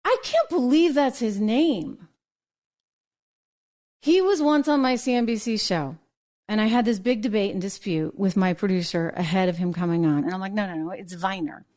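A woman's voice: mid-range voice, moderate pace, a little mellow. A middle-aged woman hosting a political commentary channel, talking casually to camera, chatty and sarcastic with frequent laughs.

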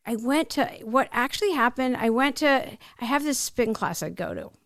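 A middle-aged woman speaks as an interview guest, her fairly high voice roughened by gravelly fry. She tells personal stories with emotion, tumbling along and breaking into her own sentences. The sound is dry and close. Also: animated, moderate pace, no echo. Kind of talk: candid personal storytelling.

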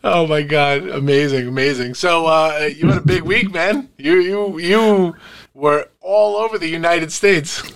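Bright-voiced animated podcast dad. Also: male voice, fairly high pitch, a little slow, creaky, clean tone. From Greek heritage. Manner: animated storyteller, acts out quotes. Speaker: podcast co-host. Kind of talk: casual chat.

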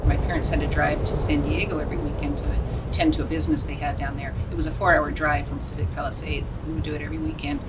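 A woman's voice: level tone, fast. An older woman being interviewed outdoors on a downtown street, rambling through childhood memories in a matter-of-fact way. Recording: distant mic with loud traffic rumble.

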